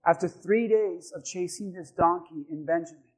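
A man preaching a sermon as pastor, telling a story calmly and then building to shouted exhortation. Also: high-pitched, moderate pace, slightly rough.

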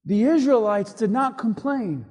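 A man preaching a sermon as pastor, emphatic, swinging between loud and hushed delivery, in a church sanctuary. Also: extremely high pitch, expressive, measured pace. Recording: long reverb of a large hall.

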